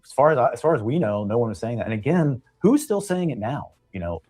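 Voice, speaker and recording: A man explaining points on a casual livestream panel in a measured way, with frequent restarts. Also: medium pitch, sing-song, warm tone, soft background music.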